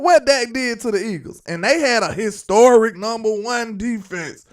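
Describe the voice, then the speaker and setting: A man co-hosting a casual sports talk show, playful and animated, often laughing as he rants. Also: extremely high pitch, moderate pace, hardly any pauses, distant mic.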